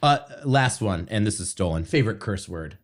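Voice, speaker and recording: Chatty man, lowish voice. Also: animated, brisk. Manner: chatty, trails off and restarts often. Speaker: podcast host. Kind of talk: casual interview chat.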